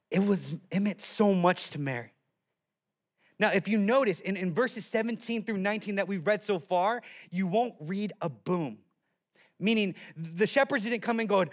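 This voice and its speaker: A man, a pastor, preaching a sermon in an animated storytelling way, slipping into playful character voices. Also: high-pitched, normal speed.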